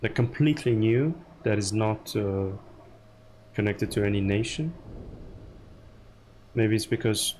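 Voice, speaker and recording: Rambling low-voiced male streamer. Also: unhurried, long pauses, darkish tone, slight background noise. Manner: rambling, musing aloud to chat. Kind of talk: casual gaming stream chat.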